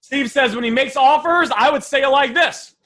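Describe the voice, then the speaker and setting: A man coaching a live class on sales offers, energetic and repetitive, often calling his listeners guys. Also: very high-pitched, normal speed. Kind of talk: live online teaching session.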